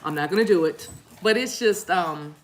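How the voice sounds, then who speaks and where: Woman tarot reader with a lowish voice, casual live-stream host, laughs easily and rambles, chatty. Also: expressive, moderate pace, slight background noise. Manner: chatty, laughs often, warm "y'all" asides; rambling with restarts and apologies.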